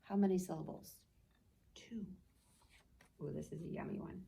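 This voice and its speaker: A woman teacher giving a remote lesson to young children, speaking slowly and clearly, modeling words and answers for the class. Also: sits low, fairly even intonation, dark tone, slight background noise. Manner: slow, clearly spoken teacher voice.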